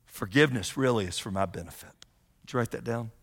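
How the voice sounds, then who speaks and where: A man preaching a sermon as a pastor, conversational and animated, often acting out the voices of the people he quotes. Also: medium pitch, fast, gravelly, husky. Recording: long hall reverb.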